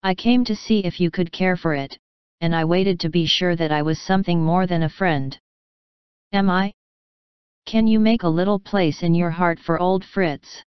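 A woman reading the lines of a kindly middle-aged German professor with a gentle, tender manner and a light German accent. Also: fairly low pitch, moderate pace, smooth, no room sound, natural voice. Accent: German accent as put on. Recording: dull, dry studio audio.

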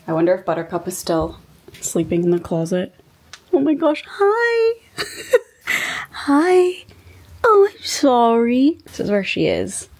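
A woman's voice: on the low side, darkish tone. A young woman vlogging casually, telling a storytime with lots of "like" fillers. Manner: chatty, filler-heavy with frequent "like". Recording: echoey room with faint ambient noise.

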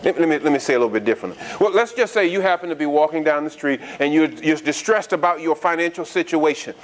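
A man's voice: on the high side, lively intonation, fast. A man preaching a sermon in a conversational style, asking the congregation frequent rhetorical questions and repeating words as he restarts. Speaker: pastor.

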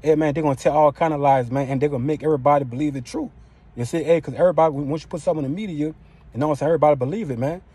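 A male preacher gives an informal sermon in a rapid, rolling delivery. His voice is husky and dark in tone. He talks in a rough, profane street manner and keeps peppering his lines with "man". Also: on the high side. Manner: profane street-style preaching, constant "man" and "you know what I'm saying".

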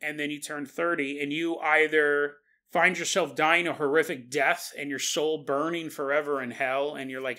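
A man hosting a podcast, telling a spooky story in a casual, animated way and often laughing at his own jokes. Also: fairly high pitch, normal speed, few pauses. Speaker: podcast host.

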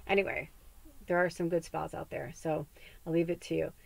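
A woman's voice: low voice, little pitch movement, moderate pace, gravelly, rough recording. A woman in her forties hosting a psychic reading podcast, talking in a candid, rambling way, swearing freely and close to tears. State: tearful, close to crying. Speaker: psychic medium host. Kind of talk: casual spoken tarot-style reading podcast.

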